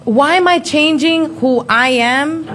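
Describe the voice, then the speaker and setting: A woman in her thirties speaks bluntly and swears freely in an unscripted chat, breaking into laughter as she goes. Her voice sits a little high for a woman. Faint noise hums behind her. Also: takes it slowly, a bit bright. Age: 30s. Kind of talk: casual chat.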